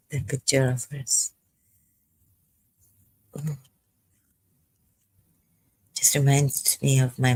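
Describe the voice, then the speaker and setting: Tearful rambling vlogger, 50s, slow and halting, lots of uhs. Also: mid-range voice, a little mellow, slightly rough. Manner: rambling, emotional, breaks off with fillers and apologies. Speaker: video blogger. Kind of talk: rambling emotional commentary.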